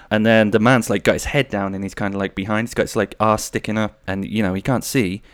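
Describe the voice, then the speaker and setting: Rambling man, deep, dry sound. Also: fairly even intonation, quick pace, hardly any pauses, no echo. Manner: rambling, jokey, slips into silly voices. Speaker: podcast host. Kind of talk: solo rambling anecdotes.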